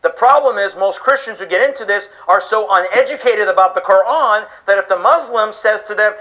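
A man's voice: high voice, a little fast, few pauses, sharp tone, dull audio. A man preaching a sermon-style lecture to an audience, emphatic, firing off rhetorical questions and acting out listeners' reactions.

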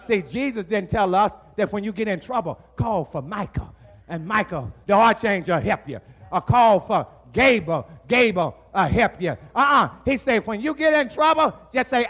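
A man preaching a sermon, building to shouted, drawn-out phrases. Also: high-pitched, lively intonation.

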